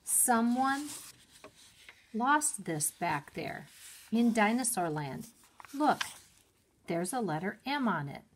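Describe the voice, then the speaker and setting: A woman's voice: on the high side, sing-song, slow pace, long pauses, slight background noise. A woman voicing a careful, bookish young boy who sounds puzzled and full of questions.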